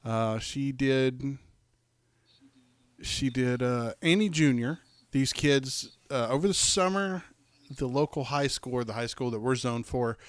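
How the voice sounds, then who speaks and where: A middle-aged man co-hosting a podcast, telling stories in casual chat, animated and rambling with many restarts. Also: mid-range voice, clear, resonant tone, no room sound. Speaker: podcast co-host.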